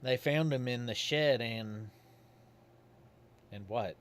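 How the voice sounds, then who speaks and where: A man hosting a horror podcast stream, chatting casually as he plays a game and reads its text aloud. He muses out loud about the story as it unfolds. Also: mid-range voice, slow. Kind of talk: casual let's-play chat.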